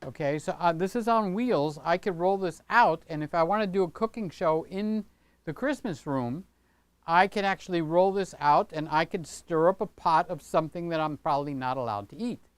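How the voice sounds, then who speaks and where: A man's voice: a little high, moderate pace, smooth, dry recording. An older man hosting a casual livestream from his home studio, rambling and chatty, often tagging on "okay?". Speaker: channel host. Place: home studio room with set pieces.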